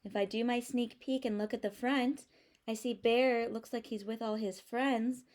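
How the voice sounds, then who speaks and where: A teacher reading a picture book aloud to young children, expressive and explanatory. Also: female voice, a little high, normal speed.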